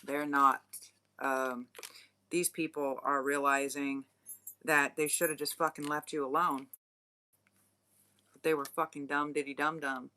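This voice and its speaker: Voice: mid-range voice, bright, forceful tone. A spiritual reader talking straight to the viewer in an unscripted reading, blunt and profane, with many restarts and asides. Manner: speaks straight to the viewer as "you guys". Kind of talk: unscripted channeled reading monologue.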